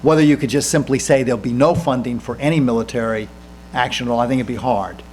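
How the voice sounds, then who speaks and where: A man in his fifties, a senator and guest speaker, answering audience questions in a lecture room, earnest and halting with frequent restarts. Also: medium pitch, a little mellow, slight background noise.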